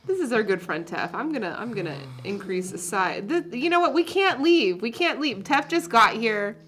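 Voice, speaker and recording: Giggly stream host lady, high bright voice, just chatting. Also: very animated, normal speed, soft background music. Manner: giggly, playful teasing. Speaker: livestream host. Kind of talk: casual chat.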